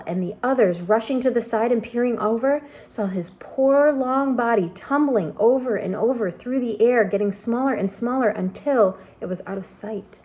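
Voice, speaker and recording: Mellow-voiced woman reading a storybook. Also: mid-range voice. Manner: expressive, animated reading. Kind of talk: children's book read-aloud.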